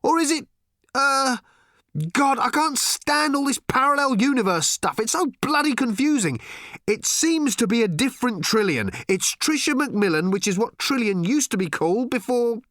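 A man reading an audiobook, voicing a flustered, bewildered Englishman who exclaims excitedly. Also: very high voice, normal speed, dry recording, studio quality, voice pushed up. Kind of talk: audiobook character voice.

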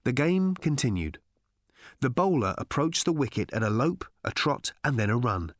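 A man reading an audiobook aloud as narrator, in a wry, measured storytelling manner, recorded in a studio. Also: medium pitch, big pitch swings, no echo. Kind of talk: scripted narration.

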